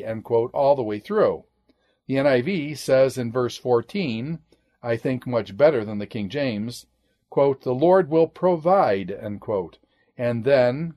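A man teaching a Bible study lecture in a methodical way, marking each citation with "quote" and "end quote" and dropping his voice at each close. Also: darkish tone. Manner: drops pitch and volume on each "end quote".

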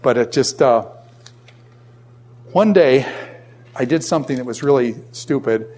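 A man's voice: medium pitch, unhurried, a little mellow, a little hiss or hum. A man in his fifties teaching a class in a conversational lecture, repeating his points and acting out quoted voices.

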